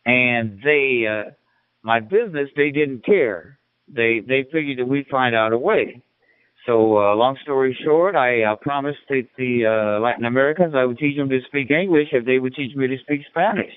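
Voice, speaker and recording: A man's voice: medium pitch, smooth, no echo. A man chatting casually on a ham radio, rambling and folksy with frequent restarts. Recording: tinny radio transmission.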